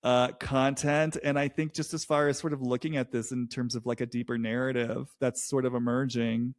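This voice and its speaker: A young man picks apart a reality show out loud in a loose, casual monologue. He rambles, restarts his sentences and swears freely, keeping his voice at an ordinary middle pitch. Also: flat delivery, moderate pace.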